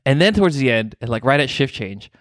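A man who works as a nurse, telling a work story casually, animated and swearing often. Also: medium pitch, fast talker, no echo, clean studio sound. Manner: animated, swearing, acts out dialogue.

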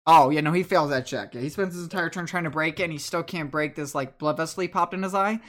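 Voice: mid-range voice, fast talker, a bit bright. Chatty tabletop game master. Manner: casual, chatty, filler-heavy.

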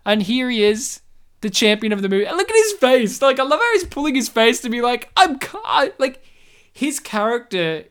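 A woman chatting casually during a movie commentary, animated and rambling, full of fillers and silly impressions. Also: fairly high pitch, moderate pace, smooth. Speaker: co-host.

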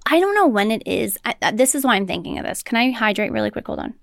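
A woman's voice: on the high side, sing-song, creaky, no room sound, clean studio sound. A woman in her forties co-hosting a podcast in a casual, blunt chat, swearing freely and acting out quotes. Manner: blunt, profane, quick to act out quotes. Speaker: podcast co-host.

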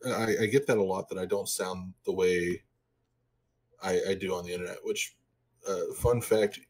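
Deep, monotone mellow man. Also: normal speed, husky. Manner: monotone, mellow, low-energy delivery. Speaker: podcast co-host. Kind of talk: casual chat.

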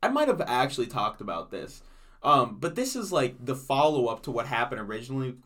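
Animated young man telling stories. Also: mid-range voice, a little fast. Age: young adult. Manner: animated storyteller, says "bro" a lot. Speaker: podcast co-host. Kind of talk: casual chat.

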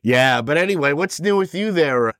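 A man in his fifties co-hosting a podcast, telling profane, animated stories and acting out the voices of other people. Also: on the high side, a little fast, no room sound, studio quality. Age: 50s. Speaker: podcast co-host. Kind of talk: casual chat.

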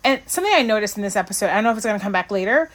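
A woman co-hosting a podcast in loose, casual conversation, her voice sitting at an ordinary middle pitch. She talks in an animated, rambling way, full of fillers and restarts, and jumps up high when she gets excited. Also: very fast. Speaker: podcast co-host. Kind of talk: casual chat reviewing an episode.

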